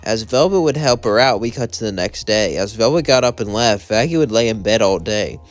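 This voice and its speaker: A man's voice: on the low side, animated, fairly quick. Male storyteller, casual fan-fiction narration, long run-on sentences, faint music bed.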